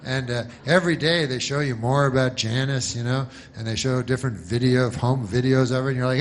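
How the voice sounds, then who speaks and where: A man doing a stand-up comedy monologue, deadpan and rambling through long setups. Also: mid-range voice, fairly quick, few pauses.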